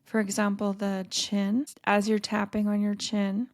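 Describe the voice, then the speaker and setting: A middle-aged woman hosting a solo podcast as a dating coach, talking in a gentle, earnest and encouraging way into a close mic. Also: medium pitch, completely flat delivery, unhurried, no room sound.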